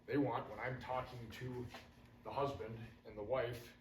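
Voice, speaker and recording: A man's voice: mid-range voice, flat delivery, normal speed. A man giving casual, hands-on radio training to firefighters, folksy and drifting into stories. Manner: casual, folksy, wanders into anecdotes. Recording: roomy, distant, faint room hum.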